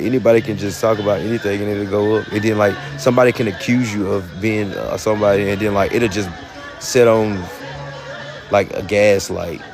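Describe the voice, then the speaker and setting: A man with a Southern US accent talking casually on a phone live stream, rambling with many fillers and laughs. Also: on the low side. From United States. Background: music.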